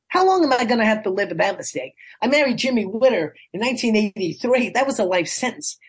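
A woman in her sixties, a life coach and author, chatting in an interview and telling stories with lively acted-out quotes. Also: medium pitch, husky. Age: 60s. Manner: chatty, animated storytelling, acts out quoted voices. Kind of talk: casual interview chat.

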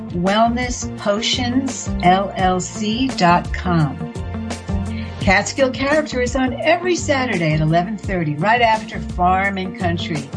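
A woman radio host in a middle voice, closing her interview show with gracious thanks while music plays clearly under her. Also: medium pitch.

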